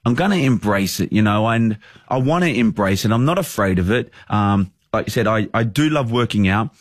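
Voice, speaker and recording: Brief: Australian football manager around 30, low voice, close dry sound, earnest rambler. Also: male voice, animated, moderate pace, dry recording. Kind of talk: casual podcast interview.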